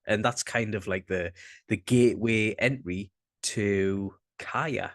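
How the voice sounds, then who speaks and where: A young man with a Northern English accent, co-hosting a casual chat, rambling and halting and swearing casually. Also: lowish voice, dry recording. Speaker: podcast co-host.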